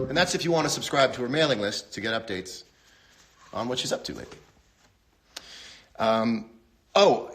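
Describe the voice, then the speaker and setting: A man hosting a casual livestream from his home, rambling through wry, deadpan jokes and talking to his viewers. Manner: rambling, wry, deadpan humor with sudden pitch jumps. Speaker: host. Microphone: phone livestream.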